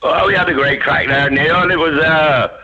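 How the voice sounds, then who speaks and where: An older man with an English Gloucester accent, chatting cheerfully and a bit haltingly as a radio guest. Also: a little high, steady tone, sharp tone. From England. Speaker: guest, husband. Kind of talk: casual chat. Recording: dull, muffled sound.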